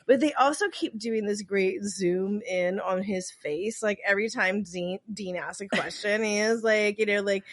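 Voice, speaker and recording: A woman's voice: medium pitch, measured pace, hardly any pauses. Rambling woman podcast co-host. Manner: rambling, heavy use of "like", playful tangents. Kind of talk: casual chat recapping a TV episode.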